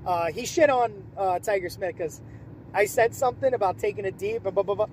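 A man's voice: sits high, a little fast, slight background noise, rough recording. A man hosting a casual podcast chat on a road trip, telling stories with lots of swearing and laughter. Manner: profane, animated storyteller who laughs often. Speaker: podcast host and wrestler. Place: inside a car on a road trip.

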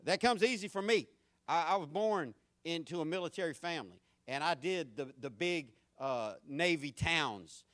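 Southern man, middle-aged, pastor's sermon voice, slightly raised pitch, dry sound. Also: lively intonation, normal speed, fairly bright tone, no room sound. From North Florida, US. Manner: earnest, swelling to fiery emphasis.

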